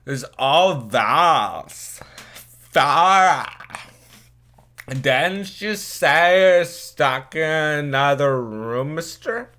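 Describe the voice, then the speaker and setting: A man voicing a drunk seven-year-old girl in a high, nasal, whining put-on voice while reading a text game aloud. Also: lively intonation, extremely slow, pushed and bright, exaggerated voice. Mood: whiny.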